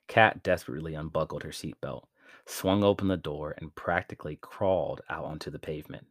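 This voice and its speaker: A man reading a story aloud as a podcast narrator, in a measured, dramatic way. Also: a bass voice, no room sound, studio quality.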